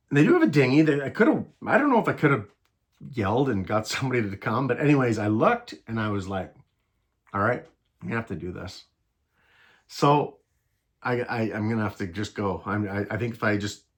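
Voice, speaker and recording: A man casually telling a travel story, rambling and animated, with many restarts and fillers. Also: on the low side. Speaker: travel vlogger.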